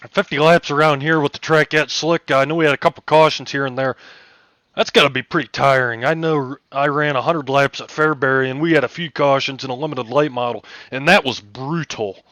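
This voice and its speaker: A man interviewing drivers after a sim race, hoarse, folksy and excitable with lots of fillers. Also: medium pitch, fairly quick, no echo. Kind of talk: casual post-race interview over voice chat.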